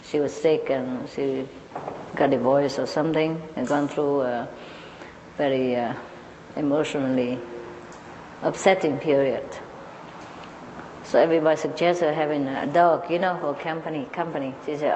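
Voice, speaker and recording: Chatty woman storyteller, lowish voice, laughs often, reverberant room. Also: steady tone, moderate pace, pauses often, darkish tone, dull audio, a little hiss or hum. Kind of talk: casual anecdote telling.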